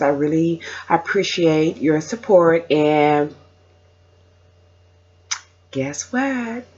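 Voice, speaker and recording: A woman's voice: low voice, a little mellow, husky, dull audio. A woman vlogger chatting casually and rambling to her camera.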